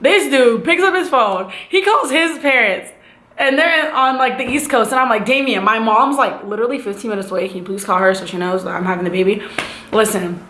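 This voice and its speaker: Animated young woman telling a storytime. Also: a little high, brisk, echoey room, slight background noise. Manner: animated, acts out voices and sound effects. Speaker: vlogger. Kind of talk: casual storytime.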